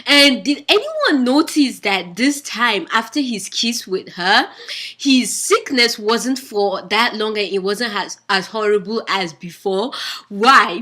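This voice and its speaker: A young woman reviewing a TV drama in casual, gushing chat, excitable and quick to laugh. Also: medium pitch.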